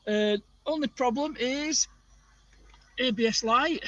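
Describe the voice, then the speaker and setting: A man's voice: very high voice, slow, fairly bright tone, lo-fi sound. A man outdoors on a phone video call, talking matter-of-factly through car repairs. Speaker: livestream guest. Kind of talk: casual chat. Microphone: phone camera on a video call.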